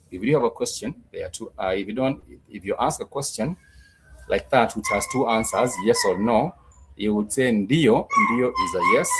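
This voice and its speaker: A man teaching a Swahili lesson online, patiently repeating words and drilling them slowly, with plenty of fillers and restarts. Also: fairly low pitch, noisy background.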